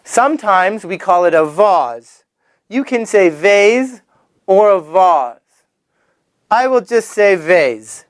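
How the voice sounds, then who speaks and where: Lively sing-song children's English teacher, man. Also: high-pitched, no room sound, clean studio sound. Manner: animated, sing-song, drawn-out repetition of words. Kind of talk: children's vocabulary lesson.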